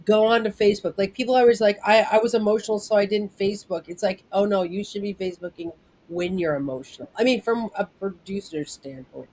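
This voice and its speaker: A woman's voice: medium pitch, quick pace, a little mellow. Chatty woman producer running a meeting. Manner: chatty, full of "like" fillers, acts out quotes. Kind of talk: casual meeting chat.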